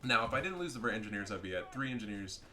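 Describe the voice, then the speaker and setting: A man giving casual, profane commentary over a strategy game, getting loud and excited at big plays. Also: fairly low pitch, rapid-fire, a little hiss or hum. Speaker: gaming commentator.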